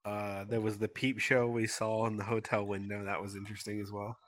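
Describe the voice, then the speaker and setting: A man's voice: fairly low pitch, flat delivery, brisk, dry recording. A man co-hosting a casual chat, laid-back and hesitant as he starts a story. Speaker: podcast co-host.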